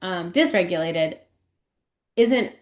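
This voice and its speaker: Woman, guest expert, interview, thoughtful explanations, fillers, lowish voice. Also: animated, slow. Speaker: perinatal mental health specialist, podcast guest.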